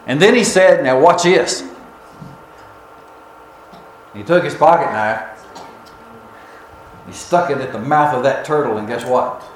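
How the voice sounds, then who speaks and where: A man preaching a storytelling sermon in a church, folksy and unhurried with drawn-out pauses. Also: mid-range voice, lively intonation, echoey room, slight background noise, poor audio.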